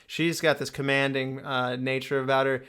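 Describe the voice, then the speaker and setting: A man's voice: mid-range voice, flat delivery, moderate pace, a bit bright, clean tone. A man in his thirties hosting a casual movie podcast, teasing and laughing often. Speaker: podcast host.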